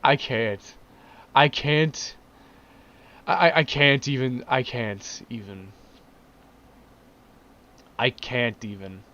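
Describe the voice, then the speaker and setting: A man's voice: mid-range voice, slow, long pauses, bright, forceful tone. A man in a casual vlog, ranting in exasperated disbelief, repeating himself and laughing. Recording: dull lo-fi recording.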